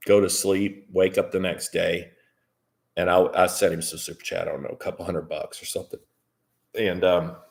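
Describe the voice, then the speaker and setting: A man telling a rambling story to his live chat, swearing freely and filling gaps with ums. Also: sits low. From United States. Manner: rambling, profane, with frequent fillers. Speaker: vlogger.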